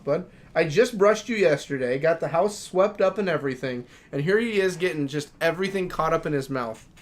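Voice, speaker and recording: A man's voice: fairly high pitch, a little hiss or hum. Chatty man streaming, talking to his dogs. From Minnesota. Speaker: game streamer. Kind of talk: casual live-stream chat.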